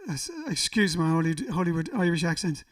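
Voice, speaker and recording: This band frontman's voice is a little high and fairly quick. Hosting the livestream from a living room, he rambles casually through viewer comments between songs, a bit distant from the mic as faint music plays behind him.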